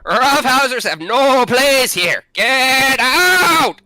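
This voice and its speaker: A man doing a furious satyr tavern keeper, high, loud and bright, cursing at rowdy guests. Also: big pitch swings, extremely slow, no echo, exaggerated voice. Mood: furious shouting. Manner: shouting, cursing. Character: angry male satyr barkeep, short-tempered and loud.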